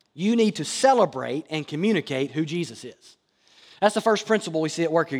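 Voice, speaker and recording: A man's voice: sits high, a bit bright, in a large hall. A man preaching a sermon as pastor, earnest and emphatic, often asking rhetorical questions.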